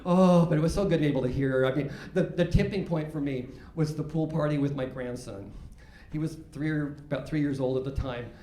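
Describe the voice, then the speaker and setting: A man's voice: on the high side, a little fast, mellow, echoey room. An older man doing a stand-up comedy set, rambling and self-mocking, with many false starts.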